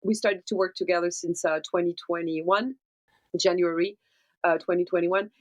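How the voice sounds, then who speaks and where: A woman, a dubbing producer, gives animated interview answers and keeps checking in with tag questions. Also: on the low side, normal speed. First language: French. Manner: animated explainer, tag questions like right and okay.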